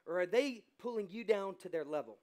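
Preaching with an American accent, this man's voice sits high, with lively intonation and a brisk pace. He shifts from hushed asides to loud, fervent outbursts, performing the voices he quotes in his sermon.

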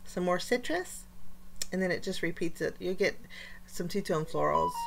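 A woman's voice: lowish voice, animated, moderate pace, gravelly, noisy background. A woman hosting a casual craft unboxing, chatty and enthusiastic, with frequent fillers. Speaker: craft channel host.

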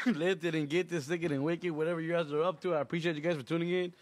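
Relaxed man hosting a radio show, casual chat, voice sits a little high. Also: fast talker, over a noisy crowd. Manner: laid-back, laughs often, gives shout-outs. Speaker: show host.

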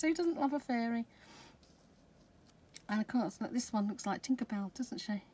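A woman's voice: medium pitch, moderate pace, rough recording. Gushing Scottish woman unboxing craft supplies. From Scotland. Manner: gushing, excitable, drops to soft whispers over items. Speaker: craft vlogger. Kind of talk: product unboxing chat. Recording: background noise with crinkling packaging.

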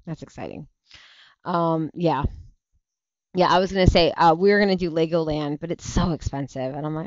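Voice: mid-range voice, normal speed, no echo, muffled recording. A tired parent hosting a casual livestream, rambling chattily through viewer comments with plenty of restarts and easy laughs. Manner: rambling, chatty, self-interrupting, laughs easily. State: tired, yawning. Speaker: livestream show host; parent of young kids.

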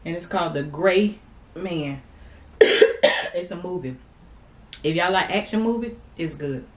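A woman's voice: lowish voice, measured pace. A woman vlogger chatting casually to her viewers while she eats and hums between bites, recorded on a laptop microphone at home. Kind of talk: casual eating vlog chat. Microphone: laptop built-in mic. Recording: roomy laptop recording with faint background noise.

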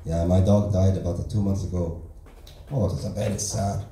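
A stand-up comedian playing a naive immigrant man who speaks broken English in deadpan one-liners. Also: medium pitch, fast talker, a little hiss or hum, lightly acted. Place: comedy club stage. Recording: echoey room from far off.

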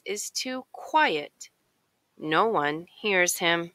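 A woman reading a children's picture book aloud in a slow, expressive storytelling way. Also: fairly low pitch, no room sound. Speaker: narrator.

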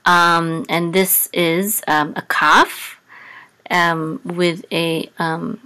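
A woman teaching a casual Hebrew reading lesson, sounding out letters slowly with many pauses and ums. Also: level tone, pushed and bright. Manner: slow, deliberate, with many ums, sings the trope marks on a higher pitch.

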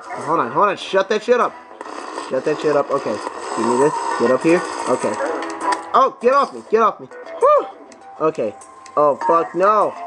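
A young man doing profane, excitable let's play commentary, talking back to the enemies on screen. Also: high-pitched. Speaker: gameplay commentator.

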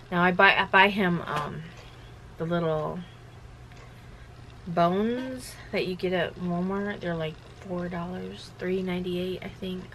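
A chatty woman with a slightly low voice talks through a casual home vlog. She rambles and laughs easily. A clear hum runs under the recording. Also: a bit bright, rough recording. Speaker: vlogger running a shirt business.

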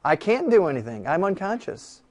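A man teaches a law class in a classroom, his voice sitting a little high. He talks in an animated, joking way and keeps throwing rhetorical questions at the students. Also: moderate pace. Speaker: law lecturer. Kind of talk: classroom lecture.

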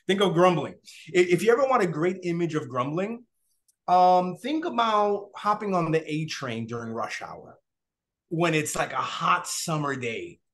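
A man teaching a Bible study in an animated way. He keeps checking in with his listeners and acts out what people would say. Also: fairly high pitch. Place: online class, remote listeners.

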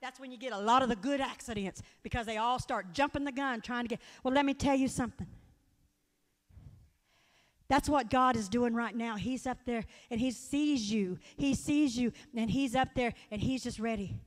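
Earnest high-voiced woman preaching in a hall. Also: moderate pace. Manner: folksy, earnest, storytelling with direct appeals. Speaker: guest speaker at church. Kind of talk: sermon. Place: church sanctuary. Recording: long hall reverb.

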